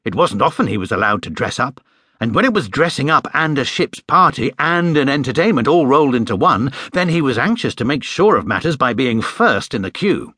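A man narrating a children's storybook with an expressive, gently humorous delivery. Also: medium pitch, fairly quick, breathy edge, no room sound, clean studio sound. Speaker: audiobook narrator. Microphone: studio microphone.

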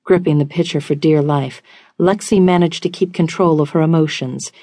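A woman reading a romance audiobook in an even, measured way. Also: deep voice, dry recording. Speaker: audiobook narrator. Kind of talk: scripted romance narration.

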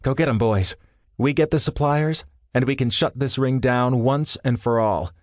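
A man voicing a brisk, commanding female federal agent in an audiobook. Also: medium pitch, no echo, studio quality, pitched above the performer's own voice, lightly acted. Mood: barking urgent. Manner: barking, commanding. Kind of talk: audiobook character voice.

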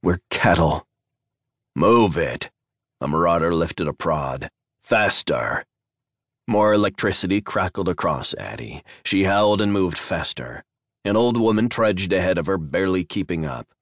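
A man reading a science fiction audiobook in measured, dramatic scripted narration on a close studio mic. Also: deep voice, expressive, no echo.

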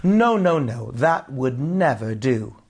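A man voicing a cheerful, gentle young husband with a playful, coaxing way of talking. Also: mid-range voice, very animated, takes it slowly, slightly rough, exaggerated voice.

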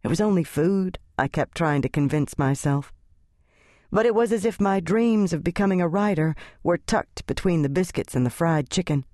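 Woman, audiobook narrator, gentle, measured storytelling, close mic, dry sound. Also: fairly low pitch, lively intonation, no room sound. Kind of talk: scripted narration.

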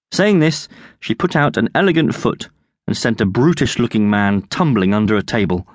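A man narrating his own children's adventure book with lively, expressive storytelling. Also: medium pitch, moderate pace, dry recording, clean studio sound. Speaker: audiobook narrator and author.

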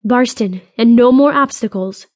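A woman voicing an eager, loyal young woman adventurer in an audiobook, speaking quickly and earnestly. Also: fairly high pitch, no echo, clean studio sound, natural voice. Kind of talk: audiobook character voice.

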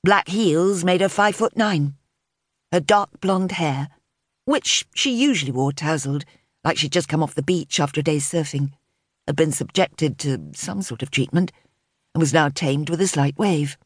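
A woman narrates a contemporary novel in a steady, measured voice. Her pitch sits low for a woman. The recording is dry and close, with no room sound. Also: dry recording. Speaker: audiobook narrator. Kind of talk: scripted narration.

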